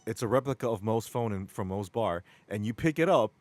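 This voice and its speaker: A man's voice: fairly low pitch, expressive, a little fast, a little mellow, no echo, faint music behind. A man hosting a casual live stream, rambling and enthusiastic, often repeating words. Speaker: stream host.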